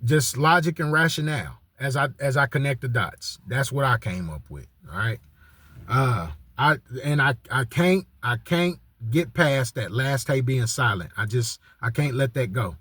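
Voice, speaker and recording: A man's voice: mid-range voice, animated, moderate pace, fairly bright tone, slightly rough, dry recording. A man teaching in a casual monologue, restarting phrases and checking in with his listeners again and again. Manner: repeats "all right" as a check-in, many restarts. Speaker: religious teacher.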